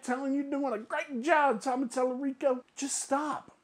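A woman's voice: high voice, a little slow, hardly any pauses. A woman hosting her own video channel, delivering an exasperated, swearing rant and hammering points home by repeating phrases. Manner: exasperated, swearing, laughs between jabs. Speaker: YouTube channel host. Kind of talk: ranting vlog commentary.

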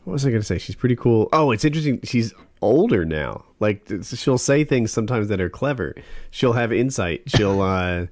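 A man co-hosts a casual podcast, breaking into laughs as he tells jokes. His voice sits fairly low but swings widely in pitch. The sound is close and dry. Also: lively intonation, normal speed, no echo. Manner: laughs often, telling jokes. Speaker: podcast host.

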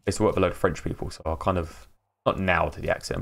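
Low gravelly English man streaming. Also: steady tone, fast. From England. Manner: rambling, laughs often, greets chat by name. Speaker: livestream host. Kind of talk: casual live-stream chat while gaming.

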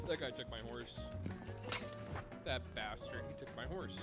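A man chatting playfully and excitably with other players while gaming. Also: mid-range voice, unhurried. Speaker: streamer. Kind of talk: casual gaming chat. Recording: loud background music.

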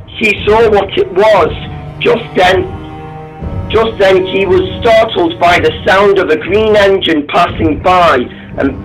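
A man narrating a storybook tale in a slow, earnest amateur style. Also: sits high, a bit bright, rough recording. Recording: clear background music.

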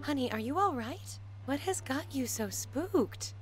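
A woman voicing a patient, cheerful suburban wife and mother in a video game, gently firm and reassuring. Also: high-pitched, animated, unhurried, heavy background noise. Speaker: game character. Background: game music.

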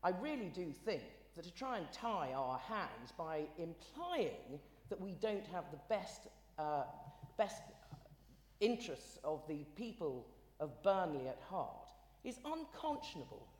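Slightly high-voiced man, councillor, indignant and formal, echoey chamber. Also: very animated, unhurried, a little mellow. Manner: indignant and formal, emphatic rebuttal. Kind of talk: council debate rebuttal. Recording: echoey chamber with long reverb.

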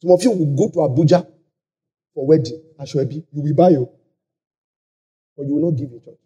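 A man with a Nigerian accent preaching a sermon, shouting key lines and lapsing into a sing-song cadence. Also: a little high, brisk, breathy edge, highs cut off. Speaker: pastor. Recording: live conference hall.

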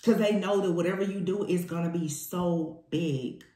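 A woman's voice: fairly low pitch, steady tone, normal speed, dark tone. A woman giving a spoken tarot reading, emphatic and repeating her key phrases for weight. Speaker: tarot reader. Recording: echoey room.

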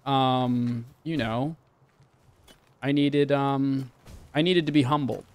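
A young man chatting casually and swearing while he streams a game and talks to his chat. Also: medium pitch. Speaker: livestreamer. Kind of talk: casual live game commentary.

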